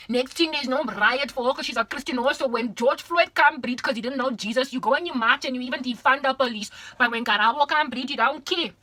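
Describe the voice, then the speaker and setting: A young South African woman with a bright, sharp voice rants straight into the camera in her South African accent. She talks fast and pitched high, exaggerated and repetitive, dropping into Afrikaans now and then. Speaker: vlogger. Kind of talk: ranting monologue to camera.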